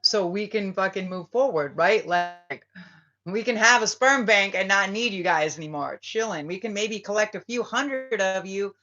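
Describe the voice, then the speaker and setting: A woman's voice: medium pitch, normal speed, sharp tone, highs cut off. A woman, a spiritual reader, talking in a casual, rambling and emphatic way and swearing freely. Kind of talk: casual rambling vlog talk.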